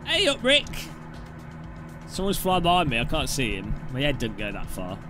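A man's voice: medium pitch, big pitch swings, brisk. A man casually chatting and joking while live-streaming a game, swearing now and then. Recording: clear background music. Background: background music.

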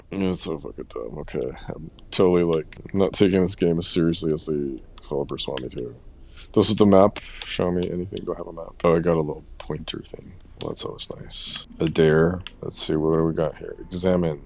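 A man's voice: sits low, a little fast, creaky, darkish tone, slight background noise. A man streaming a horror game, joking, swearing and reading on-screen text aloud. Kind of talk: let's-play commentary.

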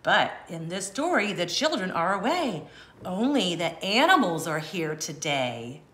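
A woman reads a farm picture book aloud for small children. Her voice swoops widely in pitch while she keeps an unhurried pace. She stops often to invite the listener to find things and count them. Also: slight background noise. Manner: gentle, animated, asks the listener to count along. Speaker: children's storyteller. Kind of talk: read-aloud for kids.

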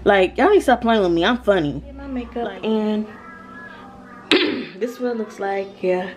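A woman with a Southern American accent talking casually to her viewers in a home vlog, animated and full of "y'all" and "like.". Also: medium pitch, normal speed, music in the background. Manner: animated, addresses viewers as y'all, lots of likes. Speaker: vlogger.

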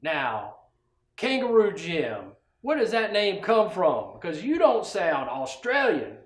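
Guy doing a bossy outlaw boss, high voice jumping all over, echoey room w/ music under. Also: wildly swooping pitch, slow pace, exaggerated voice. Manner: bossy, commanding. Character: domineering outlaw boss, grown man.

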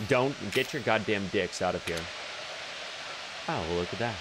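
A man's voice: lowish voice, moderate pace, noisy background. A man streaming a horror game, joking and swearing as he talks to his chat. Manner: profane, jokey, talks to chat. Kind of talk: casual gameplay commentary. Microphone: desk microphone.

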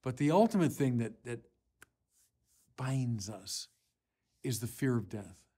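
A man, a bishop, preaching a Sunday sermon in earnest, deliberate phrases with pauses, rising in force when he quotes scripture. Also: mid-range voice, animated, dark tone, husky. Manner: slow, deliberate delivery with pauses.

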